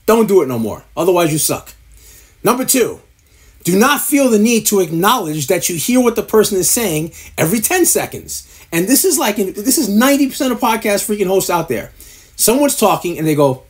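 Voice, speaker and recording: A man rants with blunt, profane exasperation, mocking others by mimicking them. His voice is husky and his pitch swings widely. He sounds like a podcast producer airing his pet peeves. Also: lively intonation, a little fast. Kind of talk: ranting advice to camera.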